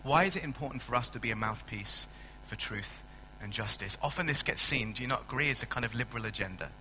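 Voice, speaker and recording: Bright-voiced preacher. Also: male voice, mid-range voice, fast talker, a little hiss or hum, poor audio. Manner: chatty, self-mocking, storytelling. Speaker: pastor. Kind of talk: sermon. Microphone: stand mic.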